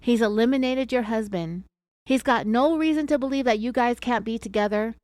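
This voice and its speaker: A woman voicing a confrontational male FBI agent, yelling and pressing hard with questions. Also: fairly high pitch, normal speed, dry recording, close to an everyday voice. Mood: angry, accusing. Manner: yelling, accusing, relentless questioning.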